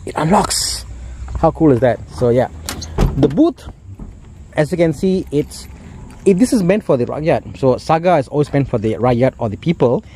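A man's voice: a little high, lively intonation, normal speed, background noise. Enthusiastic Malaysian man reviewing a car. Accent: Malaysian English. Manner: enthusiastic, exclamatory, chatty. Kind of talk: casual car walkaround.

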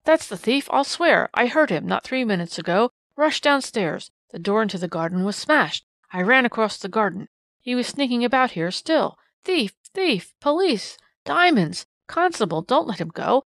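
A woman's voice: mid-range voice, lively intonation, moderate pace, creaky, dry recording. A woman voicing a panicked male servant, blurting out jerky, frantic sentences in a storybook reading.

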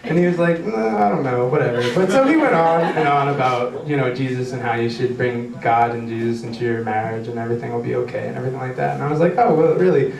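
A man's voice: mid-range voice, fast, vocal fry, hardly any pauses, crowd noise. A young man doing a rambling, self-deprecating stand-up routine with many stumbling restarts. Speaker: stand-up comedian. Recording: roomy club sound from far off, audience noise.

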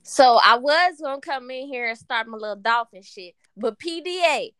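Bright-voiced woman airing a playful grudge. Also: high-pitched, animated, moderate pace, clear, resonant tone, no echo, clean studio sound. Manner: playfully aggrieved, profane. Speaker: participant in a live app room. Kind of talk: casual live-stream complaining.

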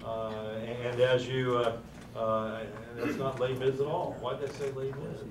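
A middle-aged man hosts a ceremony and tells a story, pausing often on "uh" in an easy manner. His voice sits in the middle range and sounds distant, with the echo of a large room around it. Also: medium pitch, noisy background. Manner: many "uh" fillers, relaxed storytelling. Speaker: university president hosting a ceremony. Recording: roomy, distant from the mic.

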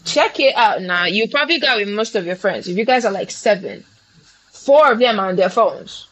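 A woman's voice: mid-range voice, lively intonation, moderate pace, fairly bright tone, poor audio. A woman from Nigeria, co-hosting a casual chat and explaining her view at length, with many restarts. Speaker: co-host.

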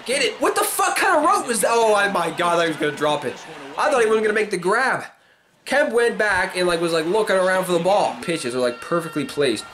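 A man giving live gameplay commentary, excitable, swearing and shouting at the game. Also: high voice, a little fast, low-quality recording. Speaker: gaming commentator. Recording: game crowd noise behind. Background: stadium crowd from the game.

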